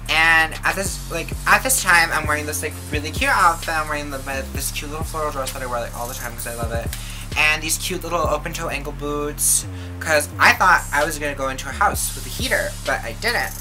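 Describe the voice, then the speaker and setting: A woman's voice: sits low, brisk, low-quality recording. A young woman vlogger telling a casual storytime, chatty and swearing, with constant filler words. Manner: chatty, filler-heavy, profane. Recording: music playing behind the voice.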